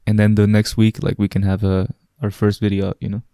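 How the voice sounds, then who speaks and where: A man's voice: lowish voice, completely flat delivery, brisk, mellow, clean tone, no room sound, clean studio sound. A young Italian man, a native Italian speaker, co-hosting a podcast in casual, teasing banter. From Italy. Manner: laid-back, teasing, peppers talk with "bro". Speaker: podcast co-host. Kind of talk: casual chat.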